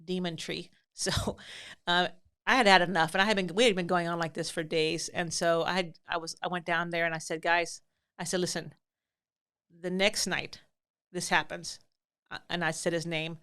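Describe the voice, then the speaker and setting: A middle-aged mother hosting her own podcast spins a casual story from home life. She talks in a chatty, self-deprecating way, often restarting her sentences, in a somewhat low voice. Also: flat delivery, moderate pace, fairly bright tone, clear, resonant tone. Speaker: podcast host and mother of many.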